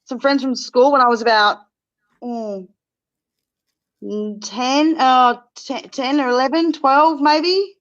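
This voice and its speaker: A woman's voice: sits high, takes it slowly, fairly bright tone, lo-fi sound. A woman, a podcast guest chatting casually and hesitating as she recalls things. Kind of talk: casual chat.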